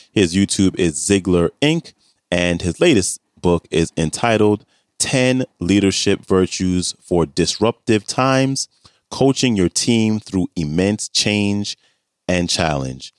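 A male podcast host with a very deep voice reads the show notes and links in a plain, steady delivery. The recording is dry and close, with no room sound. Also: slow pace, dry recording.

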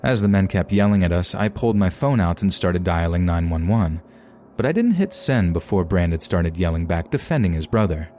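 Man, deep voice, mellow tone, calm narration of scary stories. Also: brisk, a little hiss or hum. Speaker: podcast narrator. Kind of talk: scripted narration of submitted stories.

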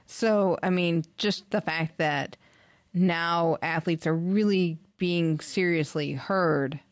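A woman's voice: fairly low pitch, slow pace, no echo, studio quality. A woman hosting a podcast in casual chat, sharing news in an upbeat, enthusiastic way. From United States. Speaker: podcast host.

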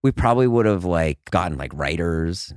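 Animated low-voiced man chatting. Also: normal speed, smooth, no echo, clean studio sound. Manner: animated, filler-heavy talk with many restarts. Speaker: podcast guest. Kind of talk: casual chat.

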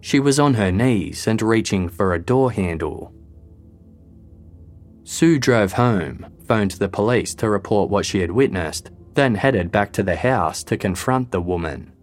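A man giving a scripted true-crime narration in a measured, even storytelling delivery. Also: on the low side, soft background music.

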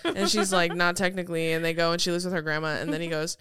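Smooth-voiced young woman telling a story. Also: on the low side, fast, no echo, studio quality. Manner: animated storytelling, swears freely, acts out movie lines. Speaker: podcast co-host. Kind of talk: casual chat.

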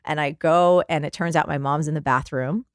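Lady in her 40s from new jersey, deep voice, animated storyteller, acts out the voices, dead dry sound. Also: moderate pace, no echo. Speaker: guest author and life coach.

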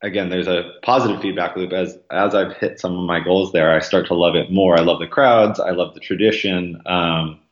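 A man's voice: fairly even intonation, moderate pace, few pauses. A man talking as a podcast guest, rambling casually with lots of ums and likes, acting out quoted voices. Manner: acts out quoted voices with jumps in pitch. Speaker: podcast guest, marathon runner. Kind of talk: casual interview conversation. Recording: roomy, slightly dull sound.

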